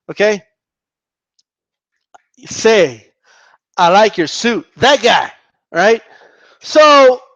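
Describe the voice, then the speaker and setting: A man rants at his viewers about boxing. He argues and mocks, and his high voice leaps all over the place. The recording is dry and a little muffled. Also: dry recording. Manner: animated, argumentative, mocks opponents in high voices. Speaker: boxing commentator. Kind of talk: casual ranting commentary.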